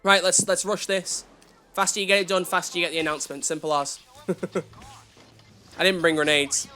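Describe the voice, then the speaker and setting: Chatting loosely with his stream audience while he plays a video game, this man speaks in a high, level voice with a sharp edge at a moderate pace. He's talkative and self-deprecating, often replying to chat, with faint music behind him.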